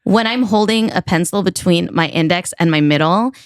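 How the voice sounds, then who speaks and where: A woman with a fairly low voice chatting on a podcast. She talks in a casual, animated way, sprinkling "like" through her sentences as she tells a personal story. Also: moderate pace. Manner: animated, filler-heavy storytelling with frequent "like". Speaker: podcast guest.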